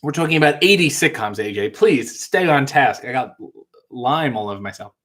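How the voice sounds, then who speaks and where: A male host reading out live chat comments and answering them with wry, deadpan jokes in a casual live-stream chat. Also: mid-range voice, moderate pace.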